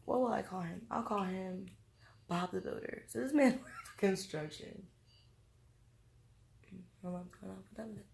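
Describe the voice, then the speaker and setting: A young woman tells a story to camera while tipsy. Her voice has a gravelly, fry-laden edge at a middle pitch. She acts out quotes in an animated, slangy way. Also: normal speed, pauses often. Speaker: vlogger. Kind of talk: casual storytime monologue.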